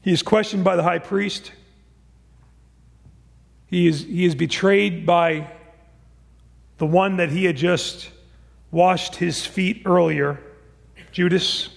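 High-voiced preacher man with gravelly edge. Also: fairly even intonation, slow, long pauses, big-room sound. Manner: earnest, repeats words when emphatic. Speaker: pastor. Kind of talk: sermon.

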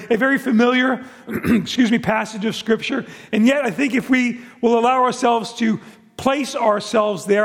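High-voiced preacher man with gravelly edge. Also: long reverb tail. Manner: earnest, repeats words when emphatic. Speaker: pastor. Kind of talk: sermon.

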